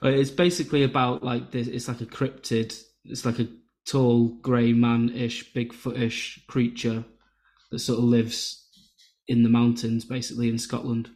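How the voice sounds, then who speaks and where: A man speaks as a guest on a podcast. His voice sits at an ordinary pitch. He talks easily but hesitantly, with plenty of fillers, as he tells a story. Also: level tone, moderate pace, a little mellow. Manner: easygoing, hesitant, lots of fillers. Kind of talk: casual chat.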